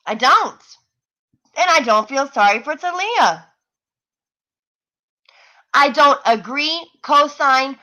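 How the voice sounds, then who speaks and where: A woman's voice: high voice, pushed and bright, low-quality recording. A woman hosting a livestream, ranting and mocking in heated, profane commentary. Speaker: livestream host. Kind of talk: heated live-stream commentary.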